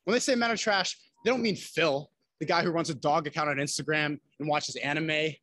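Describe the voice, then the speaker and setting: A man's voice: on the high side, brisk, sharp tone. A man doing a joking street-interview vlog, cocky and playful, teasing himself and the people he talks to. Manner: cocky, playful, self-mocking.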